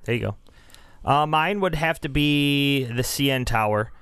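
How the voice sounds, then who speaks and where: A man's voice: medium pitch, unhurried, a bit bright, clear, resonant tone, no room sound. A man on a casual podcast telling trip stories animatedly, with frequent fillers. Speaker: podcast co-host. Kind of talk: casual chat.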